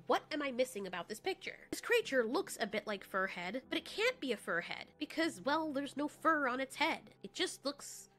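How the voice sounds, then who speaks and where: Woman narrating as a cocky dino girl, high voice, snarky and short-tempered, pov story style. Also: big pitch swings, moderate pace, few pauses, a bit bright, faint music behind. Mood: fierce. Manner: boastful, easily annoyed, snarky. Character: proud, hot-tempered female dinosaur. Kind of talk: first-person story narration.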